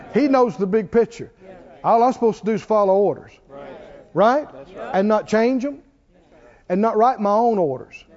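Preacher, male, high lively voice, call-and-response style, dull lo-fi sound. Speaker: pastor. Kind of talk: sermon.

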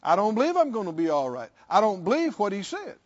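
A man preaching with a high voice that swings widely in pitch, from quiet asides to rousing repeated questions. The sound is a bit muffled and lo-fi. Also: wildly swooping pitch, quick pace. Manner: call-and-response, repeating questions with rising fervor. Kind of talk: sermon.

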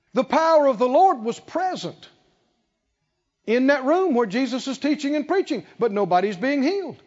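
Male preacher, high animated voice, lots of rhetorical questions, dull sound w/ long echo. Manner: emphatic, rhetorical questions, drawn-out stresses. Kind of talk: sermon.

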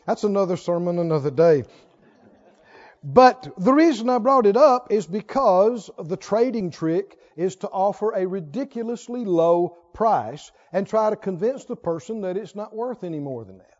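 A male pastor preaching to a congregation, animated, often laughing and firing rhetorical questions at the audience. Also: sits high, moderate pace. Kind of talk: sermon. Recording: dull lo-fi recording.

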